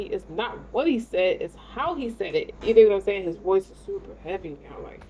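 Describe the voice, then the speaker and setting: A woman's voice: mid-range voice, lively intonation, fairly quick, few pauses, a little mellow. A woman giving a casual tarot reading, rambling, slangy and profane, talking straight to the listener. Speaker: tarot reader. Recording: dull lo-fi sound with faint noise.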